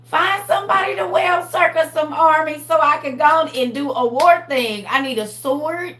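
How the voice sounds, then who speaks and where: A woman hosts a live online class in casual chat, animated, laughing and talking straight to her viewers. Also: sits high, normal speed, reverberant. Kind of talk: casual livestream teaching chat.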